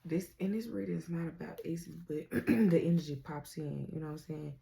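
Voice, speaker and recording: Woman tarot reader, casual and slangy, warm and gravelly tone, laughs easily. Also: low voice, fairly quick. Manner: slangy and playful, laughs often; talks straight to the viewer.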